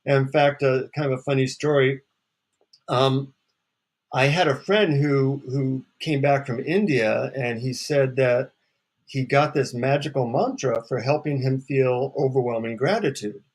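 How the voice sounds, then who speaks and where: A man with a mid-range voice tells a story in a relaxed, wry way. He speaks as a psychotherapist and author in a casual interview. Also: medium pitch, a little slow.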